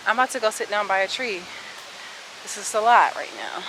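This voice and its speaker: A woman's voice: medium pitch, expressive, a little fast, noisy background. A young woman in her twenties, a teacher answering viewer questions in a casual vlog, chatty and sassy, out of breath as she walks and talks outdoors with a handheld camera. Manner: chatty, sassy, addresses viewers as sis and y'all. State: out of breath while walking. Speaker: kindergarten teacher and vlogger. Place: outdoors, walking.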